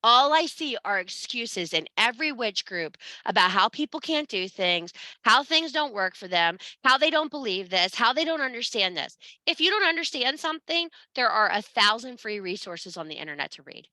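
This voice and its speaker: A woman's voice: mid-range voice, animated, moderate pace, hardly any pauses, sharp tone, no echo. A woman teaching a spiritual class, blunt and profane, scolding and urging her students. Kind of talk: blunt motivational class talk.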